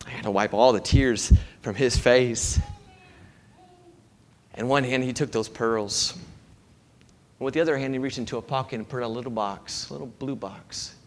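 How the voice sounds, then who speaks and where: A man's voice: medium pitch, normal speed, long pauses. A man preaching a sermon to his congregation, emphatic and repetitive in his delivery. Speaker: pastor.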